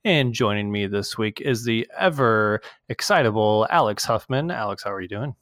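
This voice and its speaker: A man's voice: lowish voice, lively intonation, moderate pace, a bit bright, no echo, studio quality. A young man hosting a casual podcast, rambling with lots of fillers and swearing, acting out quoted people in a raised voice. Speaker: podcast host. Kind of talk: casual chat.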